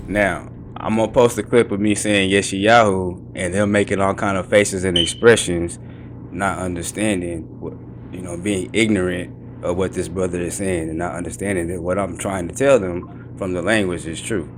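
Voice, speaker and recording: A man's voice: sits low, steady tone, moderate pace, background noise. A man explaining Hebrew grammar emphatically, pointing out each detail step by step.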